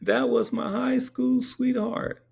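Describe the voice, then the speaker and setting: A man voicing a panicked old man who pleads in a high, breathless voice. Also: level tone, slow, gravelly, a little mellow, husky, heavily acted.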